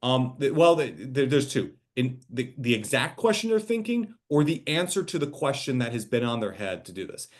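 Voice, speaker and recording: Animated male co-host talking business. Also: mid-range voice, normal speed, few pauses. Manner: animated, many fillers and restarts. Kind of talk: casual business talk.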